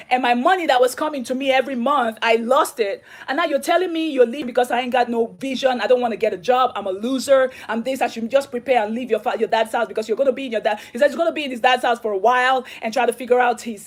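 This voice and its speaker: A young woman speaks to her camera with a high, bright voice, telling a personal story with emotion. She talks at a rapid clip, repeats her points emphatically, and acts out the lines she quotes. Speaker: vlogger.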